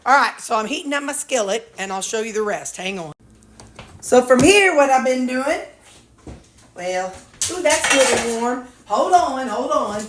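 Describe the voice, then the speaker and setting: A woman's voice: a little high, a bit bright, slight background noise. A woman vlogger cooking at home in a casual, folksy way, chatting to her viewers and dogs. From Missouri, USA. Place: home kitchen. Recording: echoey kitchen with sizzling skillet.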